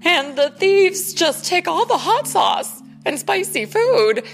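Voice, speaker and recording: A woman's voice: very animated, slow, faint music behind, full character voice. A woman doing a jittery store manager. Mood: nervous. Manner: jittery, stammering, high and strained. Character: nervous female grocery store manager.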